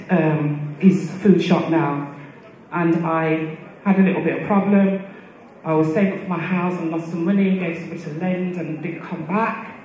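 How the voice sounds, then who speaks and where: Woman telling stories in an echoey hall. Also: on the low side. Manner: animated storytelling, acts out quoted voices, laughs between lines. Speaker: eulogist. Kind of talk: funeral eulogy storytelling. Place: large echoing hall at a funeral service.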